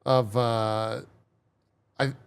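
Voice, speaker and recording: A man hosting a casual podcast chat, relaxed and asking questions. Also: mid-range voice, drawn-out words, creaky, clean tone. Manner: relaxed, asks questions, laughs easily. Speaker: host.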